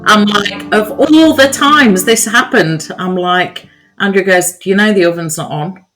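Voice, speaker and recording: A woman's voice: medium pitch, unhurried, fairly bright tone, faint music behind. A woman with a Nottingham accent co-hosting a podcast, chatty and playful, poking fun at herself. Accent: Nottingham English. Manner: chatty, self-mocking, playful. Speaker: podcast co-host. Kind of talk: casual chat.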